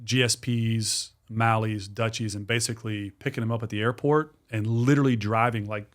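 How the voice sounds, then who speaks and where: Animated man telling a story. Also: fairly low pitch, normal speed. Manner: animated, repetitive, swears freely. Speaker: guest, dog trainer and business owner. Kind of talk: casual podcast storytelling.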